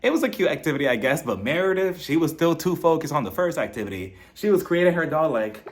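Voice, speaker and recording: A man giving a casual recap of a reality show, animated and sassy, acting out quotes and laughing often. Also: fairly high pitch, fast talker, slight background noise.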